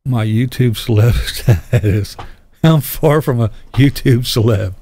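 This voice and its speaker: A man's voice: medium pitch, slow pace, mellow. Blunt, foul-mouthed older man chatting. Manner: blunt, crude and profane, laughing often. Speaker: YouTube channel host. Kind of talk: casual livestream chat answering viewer comments.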